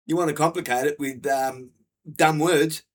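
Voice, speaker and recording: A man, his voice sitting a bit higher than most men's. He rants bluntly and keeps swearing, looping back over the same points in a hard, sweary delivery. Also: fairly even intonation, normal speed. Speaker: vlogger. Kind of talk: angry profane rant.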